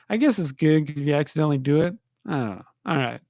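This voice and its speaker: A man hosting his own podcast, telling rambling self-deprecating stories alone, with halting restarts. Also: fairly high pitch, lively intonation, darkish tone, no echo, studio quality. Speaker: podcast host. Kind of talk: rambling solo monologue. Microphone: livestream mic.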